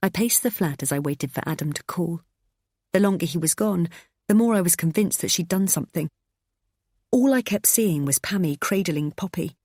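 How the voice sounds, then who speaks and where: A woman reading a first-person thriller audiobook, tense and expressive. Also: fairly low pitch, dry recording, studio quality. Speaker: audiobook narrator.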